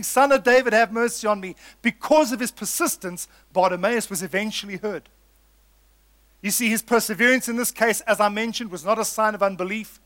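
Male preacher, high pitch, earnest and emphatic, repeats key lines for effect, talks to his flock as folks. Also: fairly bright tone, dry recording. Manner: earnest, emphatic, builds with repetition; addresses listeners as folks. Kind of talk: sermon.

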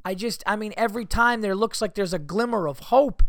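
A man's voice: high-pitched, a little fast, few pauses, a bit bright, dry recording, studio quality. A man hosting a podcast and ranting in a casual, profane comedic monologue while fighting a cold. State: has a cold. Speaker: podcast host.

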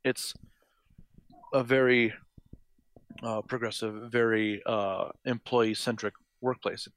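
Gravelly man in his thirties. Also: lowish voice, steady tone, takes it slowly, a bit bright. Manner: rambling, emphatic, swears freely. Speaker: podcast guest. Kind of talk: casual discussion.

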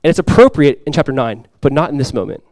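A male pastor preaching a sermon to his congregation, swinging from loud, impassioned lines to quiet, soft ones. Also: mid-range voice, expressive, quick pace, no echo. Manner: impassioned preaching, swells loud for quoted cries then drops soft. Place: church sanctuary before a congregation.

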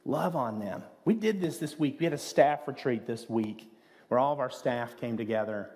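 A man's voice: mid-range voice, animated, normal speed, darkish tone. A man preaching a sermon as pastor, speaking in an earnest, conversational way with rhetorical asides. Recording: long hall reverb.

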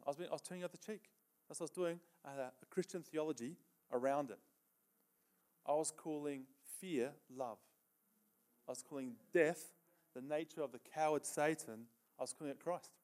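A middle-aged man preaching a casual sermon, often checking in with "okay?", laughing between points and leading a live demonstration with a volunteer. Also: on the high side.

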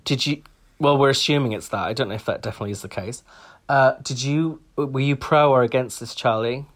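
Talking a little fast in a mid-range voice, a man co-hosting a podcast shares his opinions in casual chat, peppered with frequent ums.

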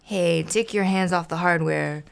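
A woman voicing a grumpy male trash-can monster in a gruff, snapping way while reading a children's storybook aloud. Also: fairly low pitch, unhurried. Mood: grumbling.

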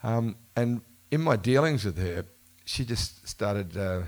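A musician being interviewed in front of a live bookshop audience takes his time, his lowish, darkish male voice expressive. He rambles through stories in casual conversation, frequently correcting himself and laughing, in a live event recording.

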